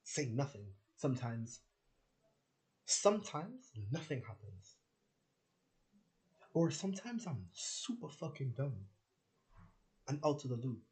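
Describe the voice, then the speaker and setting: A man tells stories in a loose, rambling vlog style, dropping swear words and slipping into quoted back-and-forth. His voice sits at a middle pitch but swoops up and down a lot. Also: very animated, takes it slowly, long pauses, a little mellow. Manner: rambling and profane, with frequent fillers and voiced quotes. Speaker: spiritual vlogger. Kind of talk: casual rambling monologue.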